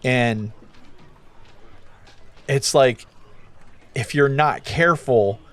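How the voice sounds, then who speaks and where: A man narrating as game master of a tabletop game, casual and animated. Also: medium pitch, drawn-out words. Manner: casual, animated storytelling with many fillers.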